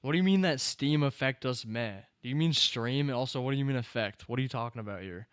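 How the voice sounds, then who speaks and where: Smooth-voiced excitable male streamer. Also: medium pitch, fast, dry recording, clean studio sound. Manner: excitable, talks back to the screen and chat. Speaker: streamer host. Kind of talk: live reaction stream, casual chat.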